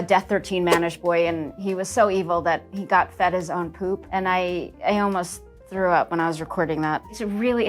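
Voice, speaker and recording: A middle-aged woman from New Jersey, a voice actress chatting casually in an interview, lively and quick to laugh. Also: on the low side. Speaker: voice actress guest.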